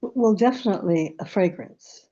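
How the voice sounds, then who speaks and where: A woman, a medium and author, telling stories calmly and reflectively in an interview, with small stumbles. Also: medium pitch, moderate pace, dull audio. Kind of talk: conversational interview.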